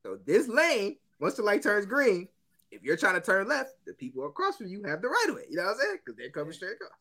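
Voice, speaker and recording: A man's voice: high voice, fast talker. A man co-hosting a casual podcast, telling stories with lots of laughing. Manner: animated storytelling, laughing often. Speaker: podcast co-host. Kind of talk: casual banter.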